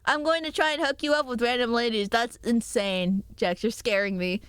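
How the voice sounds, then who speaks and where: A young woman streaming and chatting casually with viewers, giggly and animated. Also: clear, resonant tone, no echo. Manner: giggly and animated, quick jumps in pitch. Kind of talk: casual chat reading viewer messages.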